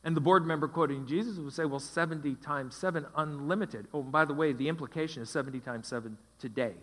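A man's voice: fairly high pitch, fast, fairly bright tone. A middle-aged man preaching a sermon as pastor, emphatic and repeating phrases for stress. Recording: long hall reverb.

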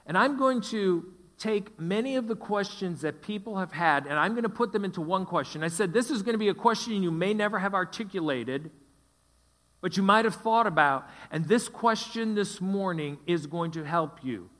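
A man's voice: sits high, animated, normal speed, a bit bright. A middle-aged man preaching a sermon as pastor, emphatic and repeating phrases for stress. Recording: long hall reverb.

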